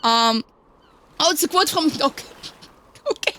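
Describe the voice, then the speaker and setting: High, lively young woman streamer. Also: slight background noise. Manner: playful, doting baby talk to her cat. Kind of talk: casual chat while gaming.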